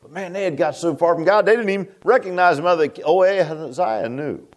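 A man's voice: sits high, brisk. A middle-aged man, preaching a sermon as pastor, pressing questions with a rhetorical "huh?". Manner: preachy, rising to fervent emphasis with rhetorical "huh?".

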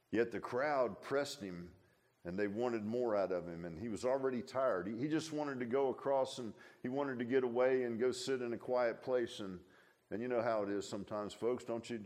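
A man's voice: mid-range voice, a little mellow. A middle-aged man preaching a sermon in a folksy, conversational way, full of asides to the congregation. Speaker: pastor.

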